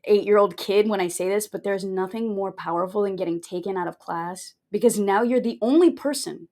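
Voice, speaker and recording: A young adult woman from Brazil, a podcast guest telling her story in a candid, jokey, animated way. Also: mid-range voice, brisk. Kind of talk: casual interview storytelling.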